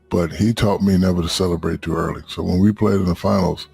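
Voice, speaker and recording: A man in his fifties telling stories as a podcast guest, profane and animated, acting out quotes. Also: a little fast, few pauses, dry recording. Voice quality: deep gravelly husky voice. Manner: profane, animated storyteller who acts out quotes. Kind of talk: casual storytelling chat.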